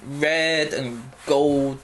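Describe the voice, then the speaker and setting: A young man answers questions from his viewers in a loose, unscripted vlog. He speaks slowly, with frequent ums and restarts. His voice sits a little on the high side. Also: fairly even intonation, a bit bright, slight background noise. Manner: slow, halting, many ums and pauses. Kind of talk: casual Q&A vlog.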